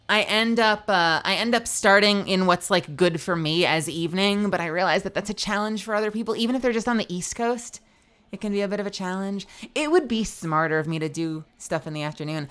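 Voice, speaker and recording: A playful woman streamer chatting with her audience, her voice bright and sharp and swinging animatedly up and down. Soft music plays behind her. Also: medium pitch. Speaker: livestreamer. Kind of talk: casual chat with viewers.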